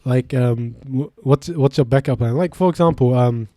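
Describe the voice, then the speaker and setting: A man's voice: medium pitch, normal speed, dark tone, no room sound, clean studio sound. A young man hosting a casual podcast chat, joking, laughing and swearing freely. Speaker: podcast host.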